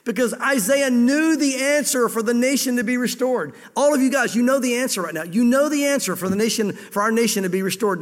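A male pastor preaching a sermon, voicing God's words in first person, with sudden loud emphatic bursts that drop low again. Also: brisk, few pauses. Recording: long hall reverb.

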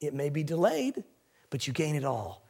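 A middle-aged man preaching a sermon as a pastor, talking in a relaxed, folksy way. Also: a little high, normal speed, gravelly. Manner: conversational, folksy preaching with quoted voices.

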